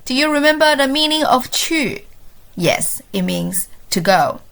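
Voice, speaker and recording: Slow, higher-voiced woman teaching beginners. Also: animated, vocal fry, a bit bright. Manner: patient, drills phrases with repetition. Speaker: language teacher. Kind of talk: scripted beginner lesson.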